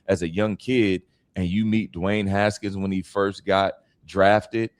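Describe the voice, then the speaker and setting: A man in his forties answering interview questions as a guest, telling stories in an animated way and acting out other people's lines. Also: low voice, slow, no room sound. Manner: animated storyteller, acts out quoted voices. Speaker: guest speaker and author.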